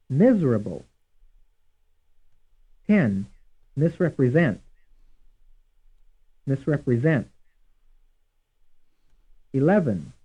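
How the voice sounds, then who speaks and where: A man reads out a language drill at a deliberate, unhurried pace, repeating each item twice. His husky voice moves with a lively rise and fall. The recording is thin and phone-like, like old course audio. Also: mid-range voice. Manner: reads words twice, evenly paced. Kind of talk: slow, deliberate drill reading.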